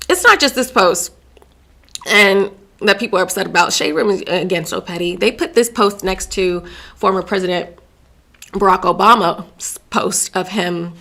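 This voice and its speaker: A woman's voice: mid-range voice, gravelly, bright, forceful tone. A woman from Virginia hosting her own show, giving an emphatic opinion monologue and often stumbling over words and restarting. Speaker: show host.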